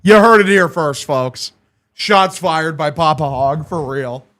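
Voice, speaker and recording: A young man streaming a game watch-along, calling the plays and excitedly thanking his chat, swearing freely. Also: a little high, slow pace. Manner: hyped, profane, thanking chat. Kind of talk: live watch-along play-by-play.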